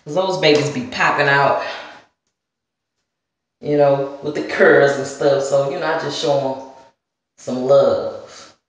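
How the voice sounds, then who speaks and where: A woman's voice: a bass voice, steady tone, slow pace, pauses often. Southern lady rambling thru a hair vlog at home, lots of y'all and girl, really echoey room. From Southern United States. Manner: chatty, talks straight to viewers with y'all and girl. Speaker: hair-care vlogger. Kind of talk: casual rambling tutorial vlog.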